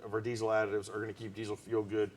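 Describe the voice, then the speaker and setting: A man hosting a casual live-stream chat, quizzing his co-host with quick follow-up questions. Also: fairly low pitch, completely flat delivery, darkish tone, a little hiss or hum. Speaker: show host.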